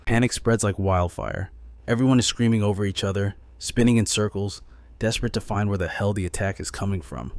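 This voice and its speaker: Low-voiced male story narrator. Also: a little fast, darkish tone, no echo. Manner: urgent, dramatic storytelling. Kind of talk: dramatic comic recap narration.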